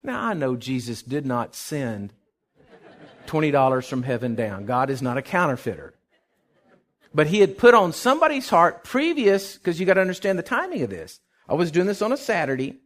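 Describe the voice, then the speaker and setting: Animated man preaching a sermon. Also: fairly high pitch, moderate pace. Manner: animated storytelling, acts out quotes, sudden shouts. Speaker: pastor.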